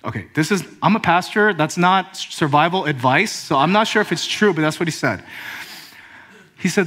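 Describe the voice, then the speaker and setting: Pastor, male, slightly high-pitched, preaching with pauses and building emphasis. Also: a bit bright. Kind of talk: sermon.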